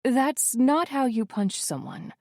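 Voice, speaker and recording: A blunt young woman with dry, teasing sarcasm, played by a woman. Her lines are drawn out slowly, with lively rises and falls in pitch. The recording is close and dry. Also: no room sound, heavily acted.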